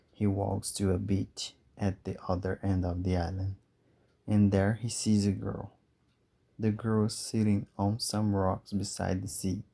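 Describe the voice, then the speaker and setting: A man narrating a simple storybook for learners in a clear, measured way. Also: fairly low pitch, warm tone. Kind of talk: slow storybook reading for learners.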